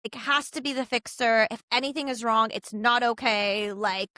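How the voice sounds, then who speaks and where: A young woman talks through a personal story in an interview, bright and crisp, her voice sitting a touch higher than most. She rambles in a casual, chatty way, slipping into quoted voices of the people around her. The sound is dry and close, with no room around it. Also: normal speed, no echo. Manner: chatty, heavy use of "like" and "you know", animated quoting of others. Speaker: podcast guest.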